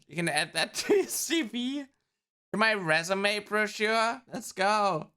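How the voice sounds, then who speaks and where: Woman streamer reading a movie script out loud, slow and smooth, swears a lot in her reactions. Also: medium pitch, lively intonation.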